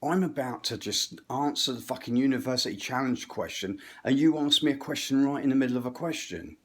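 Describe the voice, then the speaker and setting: A man's voice: medium pitch, brisk, slightly rough, close to an everyday voice. A man putting on an irritable old grandfather with an English accent, ranting and swearing in exasperation. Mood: exasperated.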